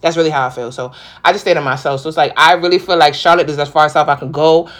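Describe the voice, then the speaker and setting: A woman's voice: sits low, fairly even intonation, fast. Young female podcast host with a heavy New York accent. Casual, slangy, rowdy solo talk. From New York, the Bronx.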